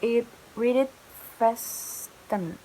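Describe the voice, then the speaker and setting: A young woman teaching English pronunciation, modeling each word slowly for students to repeat. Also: a little high, dark tone, slight background noise, rough recording. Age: young adult. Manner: slow, drawn-out model words for students to repeat. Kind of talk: recorded pronunciation lesson.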